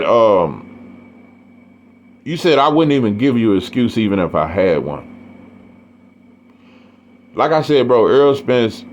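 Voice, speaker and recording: A man's voice: lowish voice, a little hiss or hum. A man with an East Texas Southern accent, ranting bluntly and profanely about boxing and repeating his points. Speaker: boxing commentator. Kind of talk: ranting monologue.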